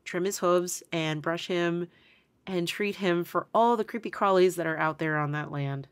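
A woman co-hosting a casual podcast, telling animated stories with lots of fillers and laughter. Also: on the low side, moderate pace, clear, resonant tone. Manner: animated storyteller, many fillers, laughs often. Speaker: podcast co-host. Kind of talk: casual chat.

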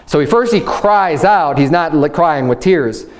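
A pastor preaches a loose, conversational sermon, teaching from the Bible while often restarting his sentences and saying "you know." His voice is a little high, expressive and a little slow.

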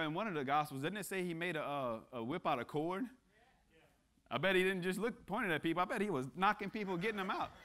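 A man's voice: fairly high pitch, a bit bright. A man speaking as a guest at church, preaching a casual sermon that mixes jokes with earnest appeals and frequent restarts. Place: church sanctuary.

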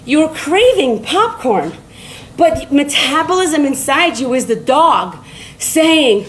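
A woman's voice: high-pitched, sing-song, takes it slowly, fairly bright tone, slight background noise, low-quality recording. A middle-aged woman giving a blunt, rambling motivational talk on a phone live stream while walking on a treadmill, laughing and swearing.

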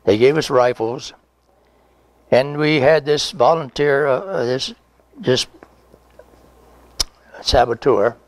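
In a conversational oral history interview, a man in his nineties, a veteran, tells a folksy, rambling tale, chuckling and acting out dialogue. He speaks at medium pitch, slowly, with frequent pauses, and there's no room sound.

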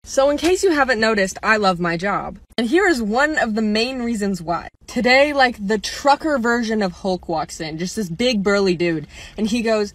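A woman who works at a drink shop, telling an animated story and acting out the voices. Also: fairly high pitch, normal speed, few pauses, dry recording. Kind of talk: casual storytime.

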